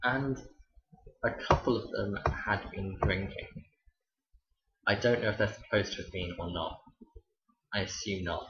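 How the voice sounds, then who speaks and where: A man's voice: on the low side, a little slow, long pauses, a bit bright. A young man, a teacher, telling stories in a chatty, wry vlog. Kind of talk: casual storytelling vlog. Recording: dull roomy home recording.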